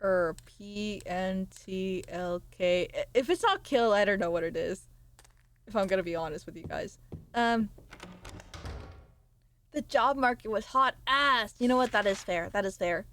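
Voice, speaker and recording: A woman's voice: mid-range voice, moderate pace, a bit bright. A young woman streaming a game, chatting and giggling with her viewers as she plays. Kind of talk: casual live game-stream chat.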